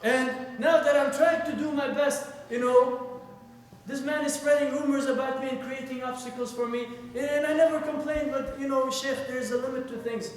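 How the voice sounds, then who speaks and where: Man voicing a proud young student, high and insistent, indignant, far-off echoey hall. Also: steady tone, normal speed, a little hiss or hum. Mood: pleading.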